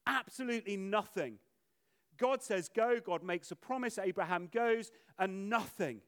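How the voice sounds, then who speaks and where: A man preaching with a high, light voice. He is lively and animated, and he slips into the voices of the people in his story. The delivery is a sermon to a congregation. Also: a little slow. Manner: animated, acts out voices of biblical figures.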